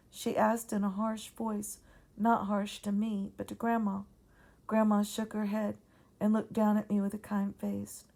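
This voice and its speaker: A woman with a Southern accent reading her own ghost story aloud in a quiet, measured way. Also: mid-range voice, gravelly.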